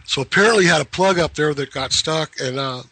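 A man's voice: on the high side, quick pace, pushed and bright, husky, low-quality recording. A man hosting a casual talk radio show, telling rambling stories and laughing often.

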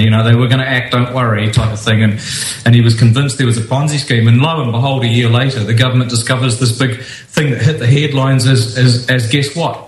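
A man's voice: medium pitch, echoey room, poor audio. A man, a guest on a talk radio show, arguing insistently with many restarts. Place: office.

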